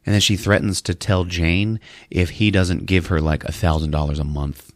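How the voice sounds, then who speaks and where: A man's voice: sits low, steady tone, moderate pace, dry recording, clean studio sound. A man hosting a podcast, recapping a movie in a casual way and acting out the lines in put-on voices with frequent laughter. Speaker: podcast host.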